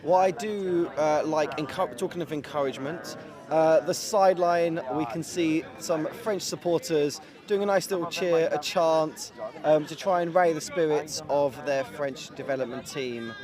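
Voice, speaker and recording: A man giving measured, analytical color commentary at a live match, with dry jokes. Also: on the high side, steady tone, music in the background. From England. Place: outdoor tournament sideline. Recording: outdoor crowd noise behind.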